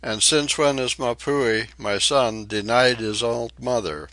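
A man's voice: mid-range voice, measured pace, a bit bright, no room sound. A man voicing an old woman returned from the sea, speaking in a mournful, pleading way in a storybook reading. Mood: plaintive. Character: frightened old woman ghost, dripping, plaintive.

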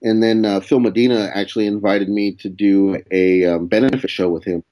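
This young man speaks with a lowish, mellow, steady voice at a brisk clip. He's a comedian guest in a casual conversation, spinning a story with plenty of swearing and laughing impressions of what people said.

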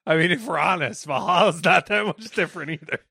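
A man's voice: high-pitched, fast, creaky, bright, forceful tone, husky, dry recording. A man co-hosting a casual gaming chat, dropping dry, wry remarks. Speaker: podcast co-host. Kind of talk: casual comedic chat about games.

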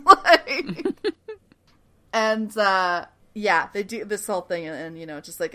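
A woman's voice: medium pitch, measured pace. A woman hosting a podcast, casually recapping a TV episode and animatedly acting out quoted lines. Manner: animated retelling, acting out quotes with frequent laughs. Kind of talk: casual chat.

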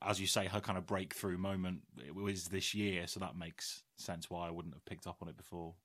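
A man co-hosting a podcast, chatting about films in a relaxed, hesitant way that often trails off. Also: low-pitched, moderate pace. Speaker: podcast co-host. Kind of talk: casual film chat.

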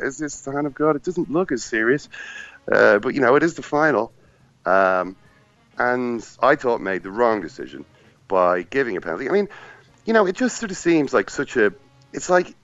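A man on a football podcast, chatting casually and acting out players and the referee in quick asides. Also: mid-range voice, a bit bright, no echo, muffled recording. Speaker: football pundit at the final.

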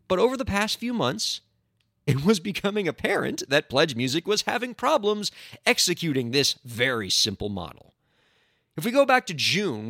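Animated, indignant man hosting a podcast. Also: on the high side, vocal fry, dry recording, clean studio sound. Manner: animated, indignant, playful sarcasm. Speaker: podcast host, entertainment lawyer. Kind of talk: solo podcast monologue.

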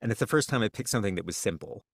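Deep-voiced male author guest, laid-back and wry, dry close sound. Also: rapid-fire, no echo. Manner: relaxed, self-deprecating, joking. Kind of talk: casual interview chat.

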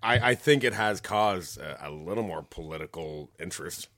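A Canadian man with a fairly low voice, talking in a loose, animated way and swearing often. The sound is dry and close, with no room around it. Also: normal speed, no echo. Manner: animated storyteller, swears freely. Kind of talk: casual chat.

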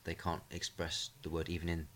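Deep-voiced English teacher, teasing. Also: male voice, completely flat delivery, brisk, a bit bright. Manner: friendly, teasing, playful questioning. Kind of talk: casual conversational interview.

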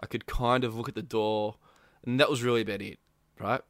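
Guy, relaxed rambling storyteller, dry close recording. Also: medium pitch, a little fast, dry recording. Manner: laid-back, rambling, laughs often. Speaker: gamer recounting a roleplay session. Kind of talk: casual storytelling chat.

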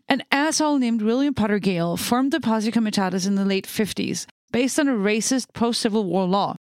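A podcast co-host reads her recap in a blunt, wry voice, dropping insults as she goes. Her pitch sits in the middle, and the sound is close and dry. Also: dry recording. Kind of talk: scripted podcast narration.

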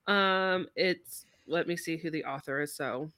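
A woman's voice: low voice, a little slow, bright, forceful tone, no room sound, studio quality. A woman co-hosting a podcast, recommending a book in casual, rambling chat with many fillers. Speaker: podcast co-host.

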